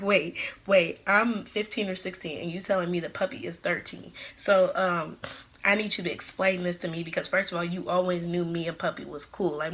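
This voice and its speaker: A woman's voice: on the low side, a bit bright. A woman of about twenty-one, telling a storytime vlog and acting out the quoted lines. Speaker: vlogger.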